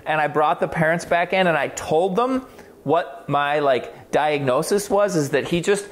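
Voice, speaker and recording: A man who works as a clinician tells a case story in casual conversation. He is animated, swears freely and often restarts his sentences. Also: a little high, unhurried. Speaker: clinician on a talk show.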